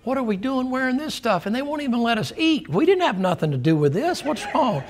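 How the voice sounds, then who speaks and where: A man's voice: very high voice, sing-song, brisk, voice pushed up, full character voice. A man voicing a grumbling male horse who complains indignantly about wearing sackcloth. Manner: indignant, whining.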